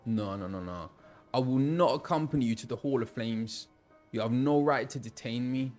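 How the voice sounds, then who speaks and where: A man's voice: mid-range voice, moderate pace, darkish tone, soft background music, lightly acted. A man voicing a shifty, scheming male merchant in a London roadman accent, sneering and defiant.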